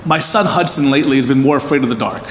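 A man's voice: mid-range voice, fast, slight background noise. Earnest man preaching in an echoey hall. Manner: earnest, rising to emphatic peaks then dropping soft and hushed. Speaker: pastor. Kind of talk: sermon. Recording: echoey hall with long reverb, faint room ambience.

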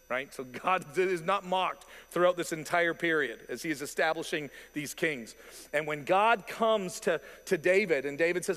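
A male pastor preaching a sermon in an animated, conversational way, with asides and quoted voices. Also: fairly high pitch, moderate pace. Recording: long reverb of a large hall.

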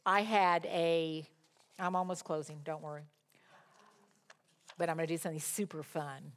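A woman preaching a sermon, rising to loud, impassioned declarations and dropping to soft, chatty asides. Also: sits low, fairly even intonation, moderate pace.

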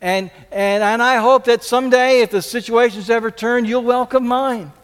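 A man preaching a sermon as a pastor, earnest, repeating key lines for emphasis and dropping to soft pleas. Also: extremely high pitch, fairly even intonation, normal speed, clean tone, long reverb tail.

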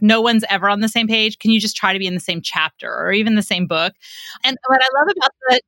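A middle-aged woman, a psychotherapist and podcast guest, explaining in an animated way and acting out little parent-child exchanges. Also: fairly high pitch, no echo. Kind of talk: podcast interview.

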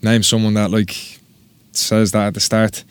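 A man's voice: fairly low pitch, flat delivery, measured pace, clear, resonant tone, no room sound. A man with an Irish accent, a tattoo artist guest talking casually on a podcast, rambling and swearing with self-mocking humor.

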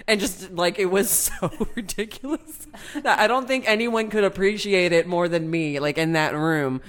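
A man telling a story in casual chat as a podcast co-host, animated and laughing often. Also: high-pitched, normal speed, clean tone.

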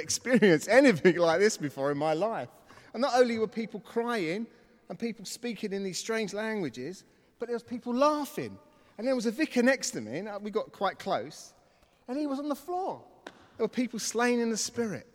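A man's voice: sits high, lively intonation, moderate pace, long reverb tail. A man preaching a sermon, telling a personal story and acting out his own reactions. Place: church.

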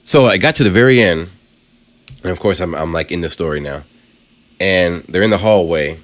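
A male podcast co-host excitedly retelling a film in casual chat. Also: low-pitched, moderate pace, no echo. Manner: excited, animated storytelling.

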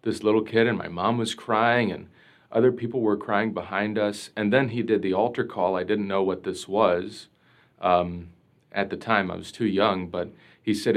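A priest being interviewed, telling a personal story in an earnest, reflective way, full of casual fillers. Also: male voice, fairly low pitch, steady tone, moderate pace.

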